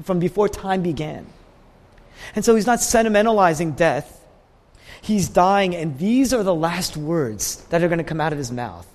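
A man preaching a sermon as a pastor, speaking emphatically, with his voice swelling and then dropping to a hush. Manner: emphatic, rising and falling in pitch and loudness, sometimes dropping to a hush. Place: church sanctuary. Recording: long hall reverb.

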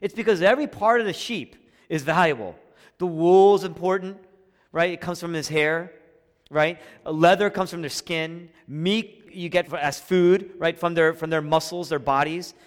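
A man preaching a sermon as a pastor, swinging between hushed, intimate lines and rising, emphatic passages. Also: a little high, normal speed. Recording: long hall reverb.

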